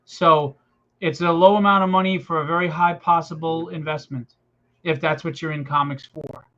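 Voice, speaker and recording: Chatty high-voiced man on a dull stream. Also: fairly even intonation, moderate pace, a bit bright. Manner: chatty, encouraging, loose. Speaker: livestream host. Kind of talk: casual promotional chat.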